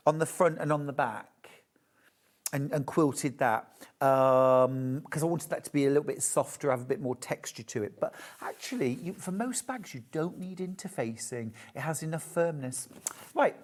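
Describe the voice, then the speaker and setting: Chatty man selling fabric live. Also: a little high. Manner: enthusiastic, chatty, gushing over fabrics. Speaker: shopping channel presenter. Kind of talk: live TV product demonstration. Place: TV shopping studio.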